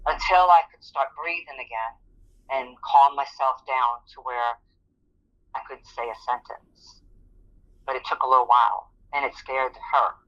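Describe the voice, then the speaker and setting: A woman's voice: extremely low pitch, steady tone, unhurried, a bit bright. A woman recounts her own story as a guest in an interview. She speaks earnestly and brings the moments to life by acting out what people said. The recording is somewhat dull and lo-fi. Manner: earnest, vivid storytelling that acts out quoted speech. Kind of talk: personal testimony in an interview.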